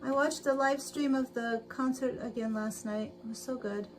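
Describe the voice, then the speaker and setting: A woman's voice: on the high side, fairly even intonation, moderate pace, over music. A woman hosting a casual sewing livestream, chatting to viewers and talking herself through each step, laughing often. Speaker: livestream host. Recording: noisy livestream audio with sewing machine. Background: sewing machine noise.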